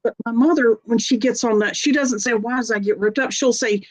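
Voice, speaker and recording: A woman's voice: a little high, fairly quick, rough recording. A woman co-hosting a casual podcast who tells anecdotes in a chatty way and laughs easily. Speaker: podcast co-host. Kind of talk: casual conversational podcast chat.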